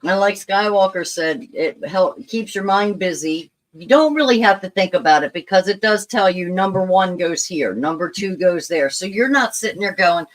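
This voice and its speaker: A woman's voice: lowish voice, lively intonation, normal speed, hardly any pauses. A woman moderating a casual livestream chat, reading viewer comments aloud and explaining things at length.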